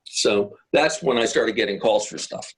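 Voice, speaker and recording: A man's voice: on the low side, moderate pace, poor audio. A middle-aged man, a guest guitarist, telling rambling anecdotes in a casual interview, with many fillers and restarts.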